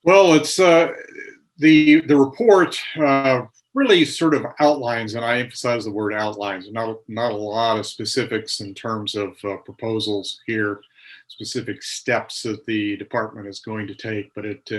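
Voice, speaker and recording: A male agricultural news reporter talks through policy in a discussion. His voice sits fairly low, and he speaks haltingly, piling up fillers and restarts as he thinks aloud. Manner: hesitant, many fillers and restarts.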